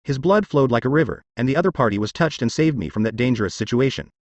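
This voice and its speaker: A man voicing a calm, weary immortal man in a fantasy audiobook, speaking softly and earnestly. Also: medium pitch, fast talker, dry recording, studio quality, lightly acted. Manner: soft and earnest.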